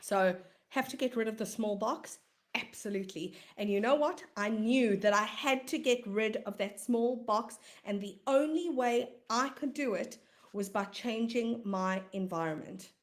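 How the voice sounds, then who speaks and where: A woman's voice: a little high, a little slow. A woman with a South African accent, giving a motivational talk as a business coach and comedian, emphatic and repeating phrases for weight.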